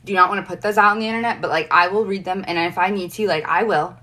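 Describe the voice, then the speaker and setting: A woman's voice: medium pitch, fast talker, sharp tone. A young woman as a livestream guest, telling a long personal story in casual chat, rambling with constant "like" fillers.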